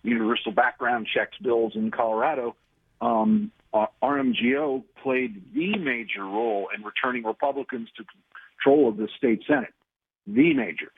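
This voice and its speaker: A man's voice: medium pitch, very animated, normal speed, creaky, slightly rough. A man on the phone as a radio guest, talking in a combative way with many fillers and restarts. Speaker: radio guest, gun rights group leader. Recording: tinny phone line.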